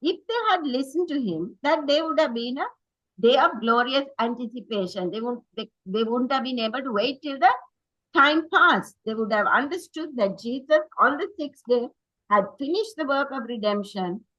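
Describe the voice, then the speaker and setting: A woman's voice: high-pitched, lively intonation, moderate pace, fairly bright tone, no room sound, dull audio. A woman preaching a sermon in an earnest, emphatic way, reading quotations aloud and correcting herself as she goes.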